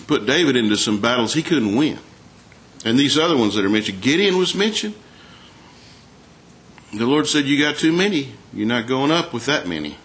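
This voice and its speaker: In a folksy sermon, a man reads scripture aloud and puts questions to his congregation. His voice is mid-range and a bit bright.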